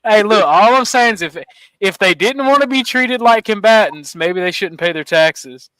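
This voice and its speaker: A man joking deadpan in casual livestream banter. His voice is high, smooth and resonant. It sounds close and dry. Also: moderate pace, no echo, poor audio.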